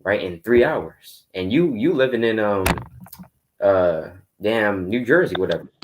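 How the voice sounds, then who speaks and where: A man preaching casually in a Bible study, telling stories of his street outreach in quick bursts. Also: on the low side, lively intonation, noisy background. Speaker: Bible teacher.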